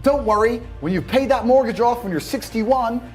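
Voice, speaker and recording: A man's voice: extremely high pitch, moderate pace, faint music behind. A man with a British accent, telling stories in a brash, profane, boastful way as a podcast guest. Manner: profane, boastful, animated storyteller. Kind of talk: brash storytelling chat.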